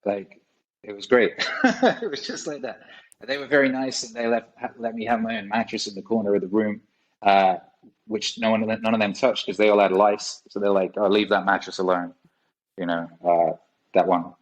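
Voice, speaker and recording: On a podcast, a guest musician in his forties spins loose, meandering stories with plenty of swearing. He talks a bit fast in a lowish voice with fairly even intonation, captured on a low-quality recording.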